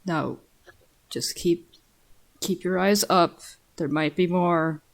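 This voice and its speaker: A woman's voice: fairly low pitch, slow, vocal fry. A woman playing a tabletop game, steadily describing her moves and spells. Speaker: player. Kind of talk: casual tabletop game chat.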